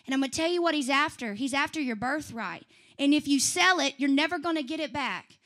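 A woman's voice: high-pitched, expressive, brisk, fairly bright tone. A woman in her twenties from Southeast Missouri with a twang, preaching an urgent, repetitive sermon at a youth service. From Southeast Missouri, USA. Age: 20s. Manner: fiery, repetitive and urgent, with emphatic rising appeals. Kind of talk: Pentecostal sermon.

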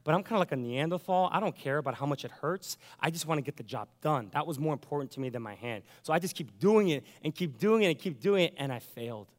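A man's voice: fairly high pitch, lively intonation, fast talker, few pauses. Pastor guy telling a story from the pulpit, acts out the voices, big hall echo. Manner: storytelling, acts out his own past thoughts and quotes. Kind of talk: sermon.

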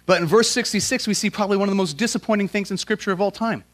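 Preaching like a pastor, this man talks in a relaxed, slang-filled style that moves from booming questions to hushed, sincere prayer. His voice sits high, and he races along with few pauses.

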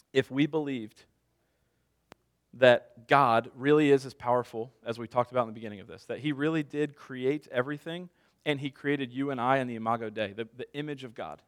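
A man's voice: medium pitch, moderate pace. A man in his thirties preaching a sermon as a pastor, conversational, telling stories with self-deprecating humor.

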